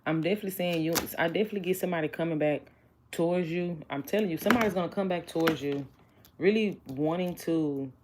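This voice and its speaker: A woman's voice: fairly low pitch, fast, background noise. A chatty woman doing a casual tarot reading, blunt and joking with her viewers. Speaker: tarot reader.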